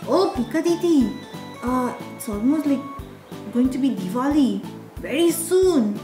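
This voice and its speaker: A woman's voice: high-pitched, expressive, unhurried. A woman voicing a friendly little penguin toy, chatty and eager. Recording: roomy with background music.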